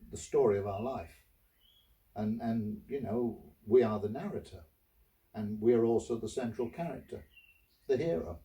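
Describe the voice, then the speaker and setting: A man, a bishop, tells stories in a loose, chatty homily, often restarting phrases and turning to the listener with asides. His voice is mellow and on the dark side. He sounds a little away from the microphone. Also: medium pitch, far from the mic, low-quality recording. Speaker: bishop giving a short homily.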